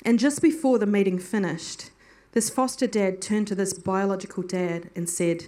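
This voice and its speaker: A woman's voice: mid-range voice, normal speed, dark tone. A woman preacher giving a sermon, telling a story in an earnest, heartfelt way.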